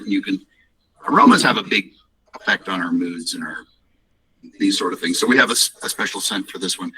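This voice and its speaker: A man's voice: on the low side, bright, forceful tone, far from the mic, poor audio. A man presenting his company's products on a call, in a rambling, upbeat way with many fillers and restarts. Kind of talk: casual business presentation on a call.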